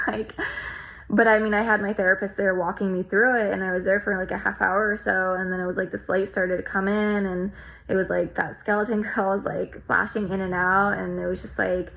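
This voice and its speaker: A woman's voice: mid-range voice, flat delivery, normal speed, vocal fry, fairly bright tone, low-quality recording. A woman vlogger sharing a personal experience in a reflective, heartfelt way, with lots of "like" fillers. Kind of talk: personal storytelling to camera.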